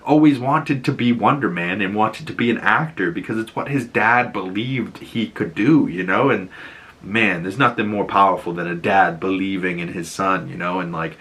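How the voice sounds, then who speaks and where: A man with a Boston accent, chatting casually as he recaps episodes of a show and acts out the characters' lines in quick voices. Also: on the low side, bright, forceful tone.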